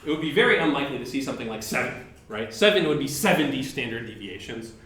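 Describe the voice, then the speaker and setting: A man's voice: mid-range voice, lively intonation, fast, a bit bright. A man who is a professor gives a university lecture in a casual, chatty way, with lots of fillers and restarts. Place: lecture hall. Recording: echoey lecture room.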